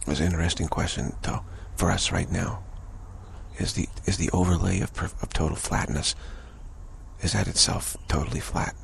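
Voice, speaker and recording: A man giving a slow, contemplative spiritual talk, halting and repeating words, his voice rough with early morning. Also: deep voice, fairly even intonation, a little hiss or hum. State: early morning voice, clearing throat. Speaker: spiritual teacher.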